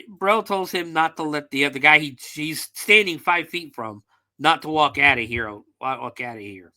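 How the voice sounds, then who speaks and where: Male podcast host, casual and profane recapper, fairly high voice. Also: bright, forceful tone. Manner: profane, loose storytelling with fillers.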